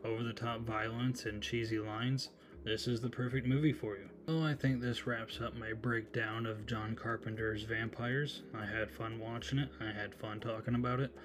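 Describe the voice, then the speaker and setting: A mid-range male voice, flat and at normal speed, hosts a solo horror movie podcast over background music. He casually retells a film's plot, dropping chatty asides along the way.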